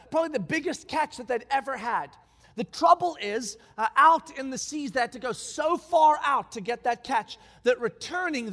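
A man preaching a sermon, telling a story with emphasis and acting out the lines of the people in it. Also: very high-pitched. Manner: animated, acts out quoted lines, emphatic. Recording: long reverb of a large hall.

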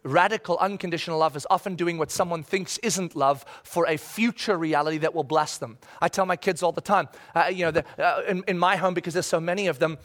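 A middle-aged man preaching a sermon, animated, swinging from soft asides to loud shouted quotes. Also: fairly high pitch, brisk, hardly any pauses. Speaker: pastor.

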